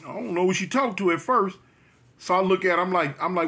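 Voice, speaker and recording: A vlogger in his fifties from South Central Los Angeles tells his channel a story in a chatty storytime monologue, full of repetitions and street slang. His voice is high-pitched and bright, a little fast, with vocal fry and a forceful, slightly rough tone.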